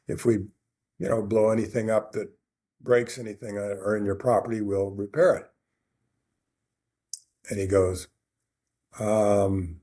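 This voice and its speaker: A man's voice: fairly low pitch, steady tone, a little slow, long pauses, mellow. A man on a podcast telling a long personal story in a casual, rambling way, often restarting his sentences. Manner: rambling anecdote with many restarts and quoted dialogue. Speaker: podcast co-host.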